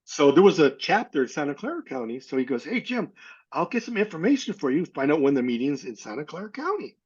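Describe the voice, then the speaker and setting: A man's voice: on the high side, sing-song, fast, darkish tone, breathy edge, muffled recording. A man from California telling a personal story as an interview guest, acting out the people he quotes. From California, USA.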